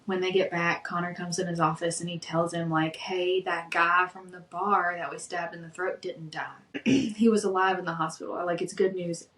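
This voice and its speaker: A woman's voice: on the low side, level tone, moderate pace, hardly any pauses, fairly bright tone, far from the mic. Chatty woman recapping a plot, echoey room. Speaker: podcast co-host. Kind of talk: casual book-review chat.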